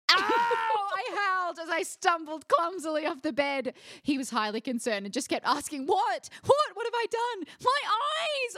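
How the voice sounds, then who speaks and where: A woman's voice: medium pitch, dry recording, studio quality. A young woman with an Australian accent, co-hosting a podcast and reading a listener's letter aloud with laughter. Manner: animated, laughing reader. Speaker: podcast co-host.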